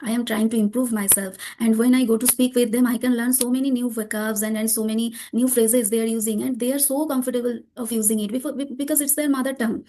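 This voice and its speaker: A woman's voice: on the high side, fairly even intonation, fast talker, hardly any pauses, mellow. A woman with an Indian accent whose first language is Bengali, speaking hesitantly with many fillers and restarts in an English practice interview. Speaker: guest learner.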